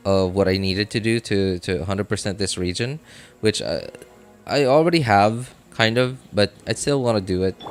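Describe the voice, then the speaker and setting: Low-voiced, rambling male game streamer. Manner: rambling, self-deprecating, heavy on fillers. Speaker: gaming streamer. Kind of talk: casual live-stream chat while playing.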